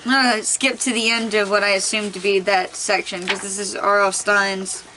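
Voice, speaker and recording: A woman's voice: mid-range voice, level tone, moderate pace, background noise. A young woman in a laid-back, tired casual chat at home, giggling now and then as she reads aloud. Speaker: vlogger reading aloud.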